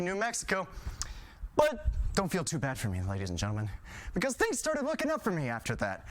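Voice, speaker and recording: A man delivering an absurd comic monologue, lurching between frantic shouts and a low deadpan storytelling tone. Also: low-quality recording. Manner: manic, shouting, swings from loud outbursts to low deadpan. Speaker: student performer.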